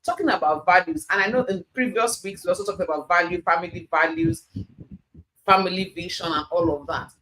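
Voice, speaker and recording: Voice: mid-range voice, sing-song, a little fast, sharp tone, a little hiss or hum, low-quality recording. A live-stream talk show host who affirms the guest and moves on to the next question.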